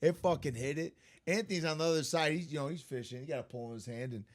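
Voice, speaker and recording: A man co-hosting a podcast, chatting casually, excitable and swearing freely. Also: a little high, fast. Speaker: podcast co-host. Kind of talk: casual chat.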